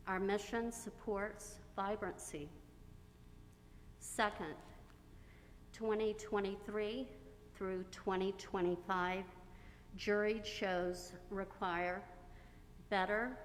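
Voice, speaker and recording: An American woman speaking as a member from the floor, reading a prepared statement in slow, formal phrases. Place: theater. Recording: reverberant theater, faint rumble.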